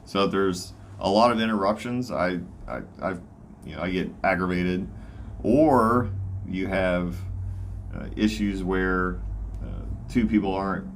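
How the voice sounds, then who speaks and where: A man with a Southern American accent, a guest in a casual chat, talking haltingly with many fillers. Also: deep voice, slight background noise. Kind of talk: casual conversation.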